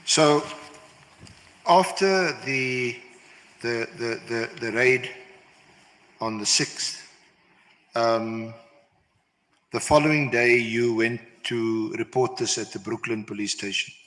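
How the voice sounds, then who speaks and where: A man questioning a witness at a formal hearing, deliberate and hesitant. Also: medium pitch, fairly bright tone. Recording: hall reverb, played inside a reaction stream.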